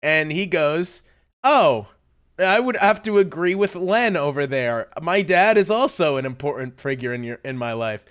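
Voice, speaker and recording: Male streamer, a bit high-pitched, animated and sweary, laughs through his own stories. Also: normal speed, hardly any pauses, clean tone. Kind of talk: casual livestream chat.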